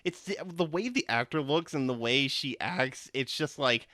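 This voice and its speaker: A man's voice: mid-range voice, lively intonation, moderate pace, pushed and bright, no room sound, studio quality. A young man hosting a casual podcast, rambling with lots of swearing and restarts. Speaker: podcast host.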